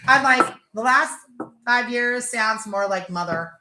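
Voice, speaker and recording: A woman hosting a casual livestream chat, animated and rambling, often exasperated. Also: fairly high pitch, measured pace, background noise. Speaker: livestream host. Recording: echoey room.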